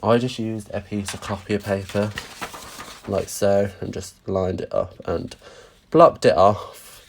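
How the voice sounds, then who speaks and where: A man with a fairly low voice talks through a craft demo as a live stream. He is chatty, says hello to viewers as they join and pokes fun at himself between steps. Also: steady tone, slow pace, vocal fry. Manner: chatty, greets viewers, self-deprecating asides. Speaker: stamping craft demonstrator.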